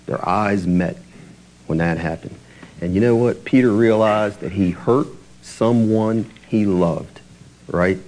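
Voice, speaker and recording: A man's voice: on the low side, darkish tone, low-quality recording. A male pastor delivering a conversational sermon, often checking in with his listeners through rhetorical questions.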